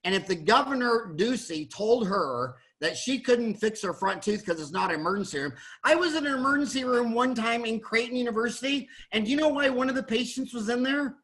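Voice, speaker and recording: High, bright-voiced blunt American man. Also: expressive, brisk, hardly any pauses, low-quality recording. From USA. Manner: blunt, rambling and emphatic with many restarts. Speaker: dentist and podcast host. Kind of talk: opinionated panel discussion.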